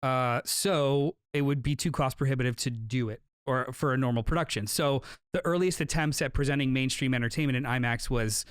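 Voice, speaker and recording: A man's voice: mid-range voice, fairly quick, few pauses, smooth, dry recording, clean studio sound. A man hosting a podcast, running through film trivia in a jokey, rambling way. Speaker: podcast host. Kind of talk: casual chat.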